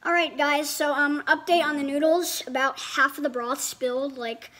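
A woman's voice: sits high, steady tone, normal speed, loud music behind the voice. A woman casually reviewing a meal, thinking aloud, rambling, and talking with her mouth full. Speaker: food reviewer. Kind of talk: casual chat while eating.

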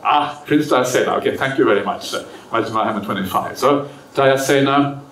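A man, a monk, giving a relaxed, chatty Dharma talk at a retreat, peppered with "yeah?" and "uh" and acting out the characters in his stories. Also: mid-range voice, brisk. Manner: acts out the characters in stories with lively voice changes. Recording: roomy, distant mic, faint room noise.

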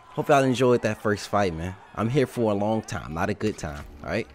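Young male gamer, casual play-by-play, lively pitch, loud bursts of trash talk. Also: normal speed, few pauses. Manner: excitable trash talk, shouting and laughing at the game. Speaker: gaming YouTuber. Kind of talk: casual live gameplay commentary.

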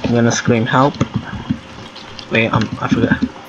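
A man's voice: mid-range voice, unhurried, dull audio. A man giving live commentary while playing a game. He thinks aloud, gets flustered easily, and exclaims and groans as he goes. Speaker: gaming video creator. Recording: loud noise under the voice.

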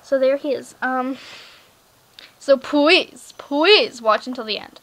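A woman's voice: high voice, fairly even intonation, normal speed, poor audio. A teenage girl chatting casually while playing a pet game, rambling with lots of fillers and "like". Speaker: gaming vlogger. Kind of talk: casual screen-recorded game chat.

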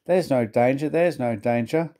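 A boastful, cheeky little tank engine pipes up in a high, gleeful voice, put on by a man reading aloud. The storybook voice keeps a mellow, dark warmth underneath. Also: normal speed, natural voice.

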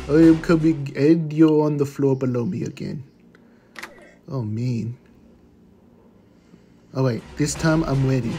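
A man voicing a cheerful, eager pitbull puppy, commenting on gameplay with excitable gasps and goofy puns. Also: medium pitch, natural voice. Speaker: game commentator.

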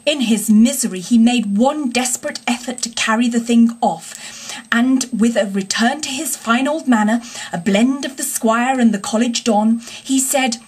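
A woman reading a classic children's storybook aloud in an expressive, unhurried way. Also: fairly high pitch, breathy edge. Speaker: audiobook reader. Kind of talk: storybook narration.

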